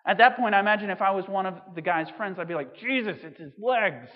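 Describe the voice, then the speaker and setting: A pastor gives a sermon in a relaxed, storytelling way, dropping in casual asides. His voice carries a long reverb off the hall walls. The sound is somewhat dull and muffled. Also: sits high, rapid-fire. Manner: conversational, animated storytelling with asides.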